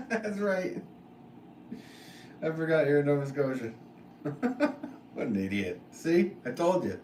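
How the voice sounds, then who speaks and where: A man's voice: mid-range voice, big pitch swings, moderate pace, pauses often, a little mellow. A man, a potter, chatting casually and self-deprecatingly with viewers during a live stream while he works. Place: pottery studio. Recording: echoey room, mic at a distance, background noise.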